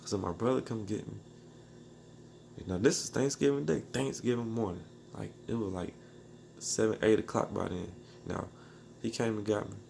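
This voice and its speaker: A man's voice: on the low side, normal speed, creaky, a little mellow, a little hiss or hum. A man telling a personal story in a loose, rambling, slang-filled way, full of restarts. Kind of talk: casual storytelling.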